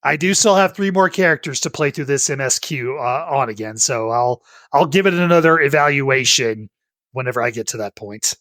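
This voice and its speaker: A woman from Texas co-hosting a casual gaming podcast, relaxed and quick to laugh. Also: extremely low pitch, no room sound. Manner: laughs often, relaxed storytelling. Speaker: podcast co-host.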